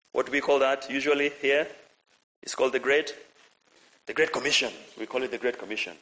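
A man preaching a lively sermon, asking the congregation questions and repeating his phrases. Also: mid-range voice, brisk, pauses often, rough recording. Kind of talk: lively sermon with audience participation.

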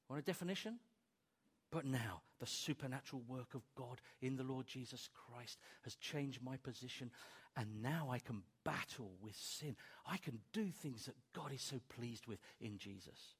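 A man's voice: mid-range voice, unhurried, slightly rough. A man preaching a sermon, acting out imagined objections and pressing his points with emphatic repetition. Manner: animated, rising to emphatic repeated declarations; plays out imagined objections in dialogue.

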